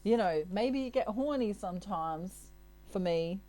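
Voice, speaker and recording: Woman, tarot reader, chatty, playful, unhurried, warm tone. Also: mid-range voice, animated, slight background noise, rough recording. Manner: chatty, laughs often, playful. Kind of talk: casual tarot reading.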